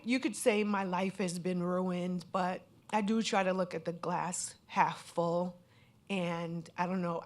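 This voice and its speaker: Woman from connecticut telling her story on a panel, earnest, lots of "you know", kinda low voice. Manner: earnest, candid, with many "you know" fillers. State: at times emotional. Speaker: scam victim speaking on a panel. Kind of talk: personal testimony at a panel event.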